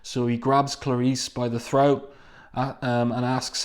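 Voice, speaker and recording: A man reviewing a comic book page by page in a casual, measured way, often pausing to find his words. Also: medium pitch, flat delivery.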